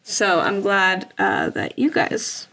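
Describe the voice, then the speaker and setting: A woman co-hosting a podcast, chatting casually and reacting quickly to her partner. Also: medium pitch, lively intonation, gravelly, pushed and bright. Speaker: podcast co-host. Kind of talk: casual chat.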